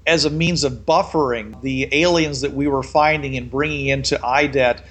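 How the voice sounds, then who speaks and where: A man's voice: mid-range voice, steady tone, normal speed, a bit bright, breathy edge. A man co-hosting a casual chat about a roleplaying game, thoughtfully explaining the setting.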